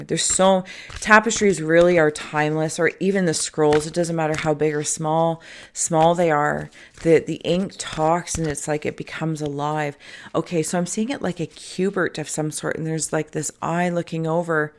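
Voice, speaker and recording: A woman giving a spiritual tapestry and tarot reading, talking in a meandering, dreamy way that keeps correcting itself and sometimes drops to a soft whisper. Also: sits low, vocal fry, slight background noise.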